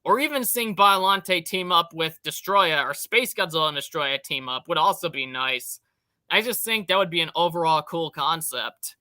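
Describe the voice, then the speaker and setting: A man's voice: fairly high pitch, animated, moderate pace, sharp tone, no room sound. A young man hosting a casual podcast chat, rambling enthusiastically and swearing casually. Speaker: podcast host.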